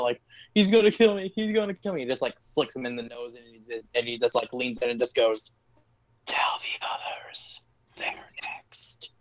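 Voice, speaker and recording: A man's voice: medium pitch, fairly bright tone. A man in casual chat, joking and drawing out his punchlines.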